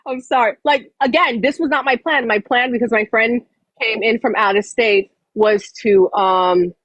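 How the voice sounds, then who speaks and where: A woman's voice: mid-range voice, no echo, dull audio. A woman chatting casually on a livestream, blunt and full of swearing.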